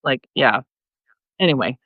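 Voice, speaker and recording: A middle-aged woman in casual livestream chat, talking loudly and passionately, rambling with many fillers and restarts. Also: extremely low pitch, animated, a little slow, no room sound, narrow, tinny audio. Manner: loud, passionate talker. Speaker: flight attendant sharing her story.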